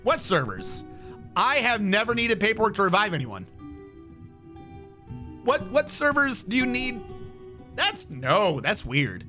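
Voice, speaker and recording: A man telling a story on a casual live stream, animated and swearing freely, acting out what others said. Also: sits high, measured pace, pauses often, faint music behind.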